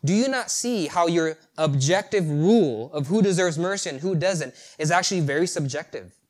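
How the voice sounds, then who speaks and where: A man's voice: a little high, animated, normal speed, close to an everyday voice. A male preacher voicing God as a patient deity, pressing with pointed rhetorical questions. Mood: confronting.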